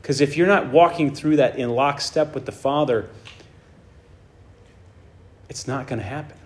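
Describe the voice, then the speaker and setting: A man's voice: mid-range voice, a little slow, darkish tone. A man preaching a casual, conversational sermon who keeps checking in with his listeners and reads scripture aloud with emphasis. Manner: informal teaching, frequent "right?" check-ins. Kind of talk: conversational sermon on a Bible passage.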